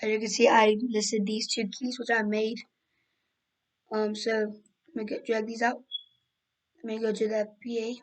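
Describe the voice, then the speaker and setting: Young woman, hoarse and strained, flat-toned, rambling tutorial talk at a desk mic. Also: fairly high pitch, measured pace, pauses often, poor audio. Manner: rambling, many fillers and self-corrections. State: hoarse, losing her voice. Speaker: game development tutorial maker. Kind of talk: screen-recorded tutorial.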